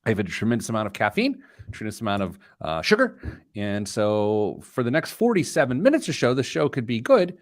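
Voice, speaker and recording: Male host, lively storyteller with a very expressive voice, dry close sound. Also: mid-range voice, a little fast, no room sound. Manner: animated joking storyteller. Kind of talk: casual show banter.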